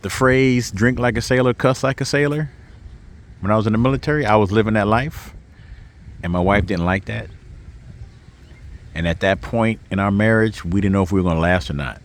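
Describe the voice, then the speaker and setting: A man talking in a casual personal vlog outdoors, reflective and halting, close to tears, speaking into a handheld camera as he walks. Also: on the low side. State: tearful. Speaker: vlogger. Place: outdoors walking in a neighborhood.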